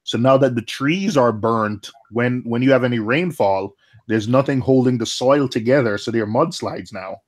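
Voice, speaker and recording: This is a man in his thirties, originally from Jamaica, chatting casually on a live community stream. His speech is animated and rambling, with plenty of laughter and words repeated on the fly. His pitch is mid-range for a man. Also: normal speed. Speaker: live stream chat participant. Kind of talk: casual chat.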